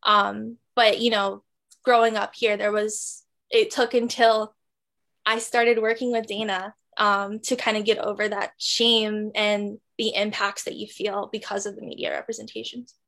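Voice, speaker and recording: Young female journalist guest from West Virginia, mid-pitch, thoughtful. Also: little pitch movement, a little slow, gravelly, fairly bright tone. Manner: earnest, reflective, frequent fillers. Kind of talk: conversational interview.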